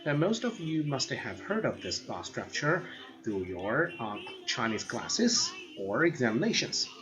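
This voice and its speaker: Earnest man explaining grammar, lively pitch. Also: unhurried. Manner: earnest, repeats words while explaining. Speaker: language teacher. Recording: dull lo-fi sound with faint background music.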